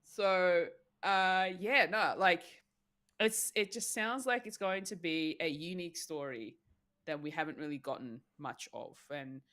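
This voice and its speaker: A woman's voice: fairly low pitch, unhurried, fairly bright tone. A woman co-hosting a podcast, giving her take in a casual, thoughtful way with plenty of fillers. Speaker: podcast co-host.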